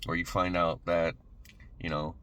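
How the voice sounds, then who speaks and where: A man's voice: deep voice, level tone, a little slow, sharp tone, slight background noise. A man giving an emphatic motivational monologue, blunt and casual, swearing now and then. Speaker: motivational speaker.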